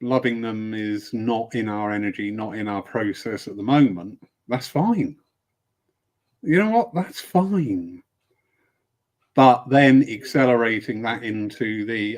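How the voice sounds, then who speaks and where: A man's voice: on the low side, takes it slowly. A man hosting a casual live-stream chat, a spiritualist service leader who talks in a rambling way with playful asides. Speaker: host.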